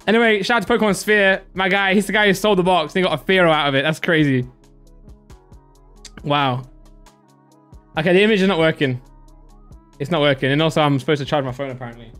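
Excitable young man live-streaming. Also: fairly high pitch, a little fast, pauses often, soft background music. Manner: excitable, chatty, laughs often, gives shout-outs to viewers. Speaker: live-stream host opening card packs.

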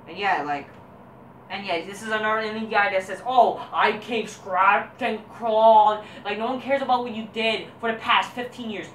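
A woman's voice: mid-range voice, fairly quick, bright, forceful tone, slight background noise. A woman reviewing wrestling as a vlogger, ranting crudely with constant swearing and a dismissive, combative manner. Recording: roomy echo, voice distant from mic.

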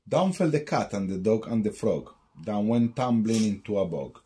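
A man's voice: fairly low pitch, animated, moderate pace, mellow, slight background noise. A man reading a rhyming picture book aloud at bedtime in a sing-song storytelling way.

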